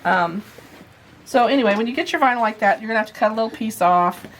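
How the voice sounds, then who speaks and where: A woman's voice: fairly high pitch, quick pace, slight background noise. A woman giving a casual sewing demonstration, chatting as she explains each step while she handles the materials. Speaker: sewing instructor.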